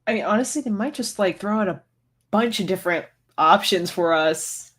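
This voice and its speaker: A woman's voice: mid-range voice, lively intonation, normal speed, a bit bright, slightly rough. A woman co-hosting a casual podcast, chatting with many filler words. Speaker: podcast co-host. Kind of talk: casual chat.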